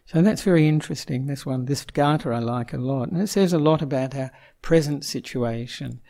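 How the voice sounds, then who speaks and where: Man, Buddhist monk, Dhamma talk, conversational, mellow tone, gravelly. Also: mid-range voice, a little fast. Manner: conversational, asks the audience questions, chuckles often. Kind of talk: informal Dhamma talk to an audience. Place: Melbourne.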